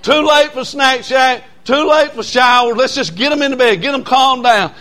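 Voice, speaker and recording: A man preaching a storytelling sermon in a folksy, repetitive way that turns loud when he is stirred. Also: extremely high pitch, moderate pace.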